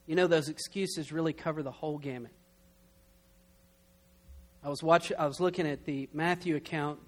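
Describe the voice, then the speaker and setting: A young adult man preaching a conversational sermon, telling stories with animated humor. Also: fairly high pitch, moderate pace. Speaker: pastor.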